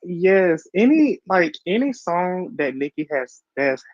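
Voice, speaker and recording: A man's voice: high-pitched, sing-song, slow pace, no echo. Candid man in a dry, dull-sounding recording. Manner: candid, emphatic, slangy. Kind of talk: casual chat.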